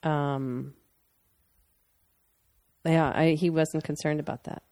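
Young woman, low gravelly voice, candid rambling chat, dry close sound; casual talk. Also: fairly even intonation, slow, a little mellow, no room sound. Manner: candid, rambling, laughs often. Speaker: partner sharing a personal story. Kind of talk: casual conversation.

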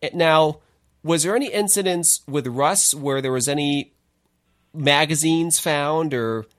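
A man's voice: on the high side, unhurried. A man, hosting a casual chat and telling stories with frequent laughter. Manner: animated, laughs often while telling stories. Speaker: podcast host.

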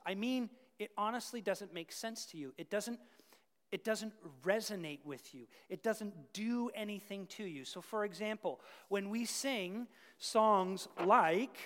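Brief: pastor preaching a sermon, mid-pitched voice, dropping to a whisper then building loud, long hall echo. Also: animated, moderate pace. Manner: emphatic, swings from hushed whispers to loud outbursts; repeats words for stress.

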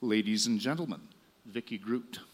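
A man's voice: on the low side, moderate pace, background noise. A man introduces the next reader from the stage. He announces with a ceremonial, presenting manner. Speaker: event host.

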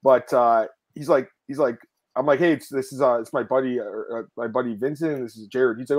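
A man hosting a casual fight-sport podcast, rambling and animated, telling stories with laughs and swearing, often calling out to the viewers. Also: mid-range voice, a little fast. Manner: addresses viewers as guys. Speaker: podcast host. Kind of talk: casual MMA podcast chat.

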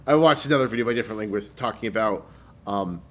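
A man's voice: fairly low pitch, expressive, fast talker, a bit bright, slight background noise. A man co-hosting a podcast in casual chat, meandering and hesitant, with many restarts and fillers. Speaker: podcast co-host.

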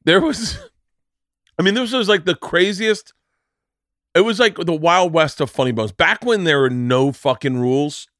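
Profane, animated comedian telling stories. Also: male voice, on the high side, a little slow, no echo, clean studio sound. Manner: animated, profane, acts out quoted voices. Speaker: podcast host. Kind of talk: casual comedic storytelling.

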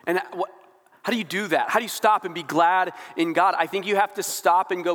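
Young man, preacher, sermon, slightly high voice, casual filler-heavy delivery, long church reverb. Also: fairly even intonation, brisk, a bit bright. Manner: conversational, frequent "like" fillers, rising fervor.

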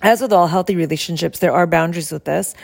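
Low, gravelly-voiced woman health coach. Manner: soft, calm and soothing, with long pauses. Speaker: health coach and breathwork facilitator. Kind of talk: explaining a coaching service, with guided breathing.

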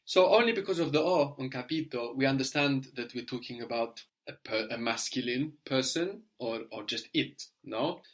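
In this language lesson, the male instructor explains things patiently one step at a time, tagging on a quick "no?" to check understanding. He speaks at a medium pitch.

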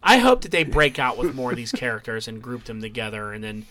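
A man co-hosting a casual podcast chat, animated, often acting out characters in exaggerated voices. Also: mid-range voice, fast talker, a crowd in the background. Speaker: podcast co-host.

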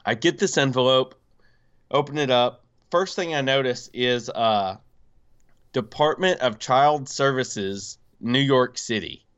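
A man casually telling a personal story on a podcast, animated, with many fillers and acted-out quotes. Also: medium pitch, slow pace, clean tone, highs cut off. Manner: animated, acts out quoted voices, frequent fillers.

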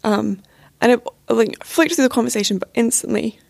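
A woman's voice: a little high, moderate pace, vocal fry, no room sound. A young woman telling a personal story on a podcast, candid and hesitant, with frequent fillers. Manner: candid, hesitant, lots of "like" and "you know". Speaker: podcast guest.

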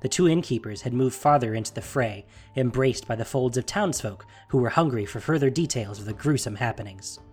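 Measured fantasy audiobook narrator. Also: mid-range voice, husky, faint music behind. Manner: measured, steady storytelling.

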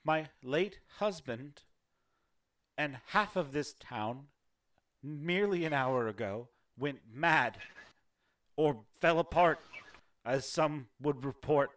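A man's voice: on the high side, slow, long pauses, fairly bright tone, voice pushed up. A man voicing a distraught noble half-elf widow, speaking formally in a raised, shaking voice. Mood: grieving.

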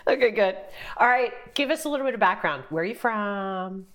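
A woman's voice: medium pitch, animated, a bit bright, slight background noise. A woman podcast host with a cold, nasal and congested, enthusiastically asking her guest questions. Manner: enthusiastic, asks quick questions. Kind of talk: podcast interview.

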